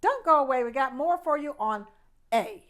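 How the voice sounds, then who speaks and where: An older woman hosts a children's alphabet lesson with a bubbly, exaggerated, sing-song delivery. Her voice is high for a woman. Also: expressive, moderate pace, fairly bright tone. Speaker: host, children's teacher.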